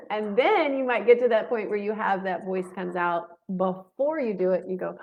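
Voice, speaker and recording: A woman's voice: mid-range voice, normal speed, muffled recording. A woman in her forties teaching in a frank, casual way, slipping into quoted inner voices. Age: 40s. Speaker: spiritual coach.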